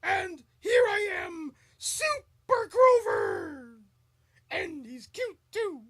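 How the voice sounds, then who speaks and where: A man voicing an excitable furry blue male puppet monster, calling out loud and drawn-out. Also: extremely high pitch, no echo, clean studio sound, voice pushed up, exaggerated voice. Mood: gleeful.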